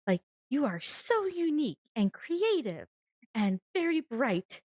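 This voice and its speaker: A woman's voice: high voice, big pitch swings, takes it slowly, darkish tone, dry recording. A woman playing a tabletop game, speaking earnestly and apologetically with some stammering. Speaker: player. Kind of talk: in-character tabletop play.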